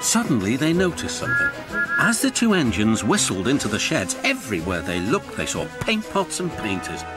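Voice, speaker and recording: Man, storybook narration, expressive, lively pitch, music clearly behind. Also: normal speed. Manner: expressive, animated reading.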